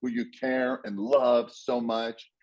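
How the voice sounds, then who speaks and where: A man's voice: medium pitch, little pitch movement, slow pace, a little mellow. A man giving blunt, casual motivational advice, swearing freely and acting out what people say. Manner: blunt, swears freely, acts out quoted voices.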